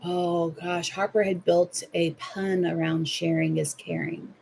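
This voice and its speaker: A woman's voice: on the low side, level tone, a little slow, vocal fry, a little mellow, slight background noise. A young Southern woman hosting a livestream, chatting playfully with viewers while she crochets at home. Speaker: livestream host. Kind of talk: casual chat while crocheting.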